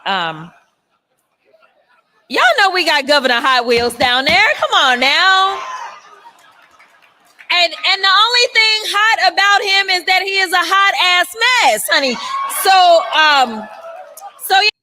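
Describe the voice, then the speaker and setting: A woman's voice: very high voice, a little slow, sharp tone, a faint crowd, a little hiss or hum. A woman giving a fiery dinner speech in a sassy, emphatic and profane way. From Texas. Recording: clip played back from a reverberant hall.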